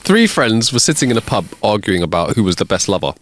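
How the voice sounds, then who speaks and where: Animated man reading jokes with lively swings. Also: fairly low pitch, fast talker, slight background noise. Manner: animated joke telling with big laughs and put-on voices. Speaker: podcast co-host. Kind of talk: reading listener jokes aloud.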